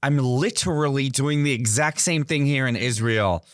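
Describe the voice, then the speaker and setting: A man from Iran, a guest artist on an interview show, telling stories in an earnest, animated way. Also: medium pitch, moderate pace, no room sound, studio quality. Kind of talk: interview, storytelling.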